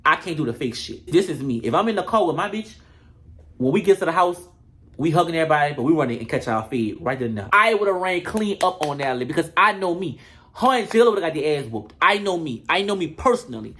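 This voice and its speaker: A brash, gossipy recapper runs through a reality show with profane comedy and blunt opinions. The voice sits at a middle pitch and talks straight to the audience. The tone is loose and chatty. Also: animated, fast talker, a bit bright.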